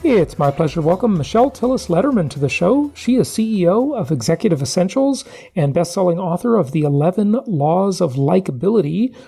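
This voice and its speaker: A man's voice: sits high, big pitch swings, brisk, vocal fry, mellow, slightly rough, soft background music. A man hosting a podcast, telling a travel story in a chatty way and laughing often. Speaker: podcast host. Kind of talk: casual chat and interview.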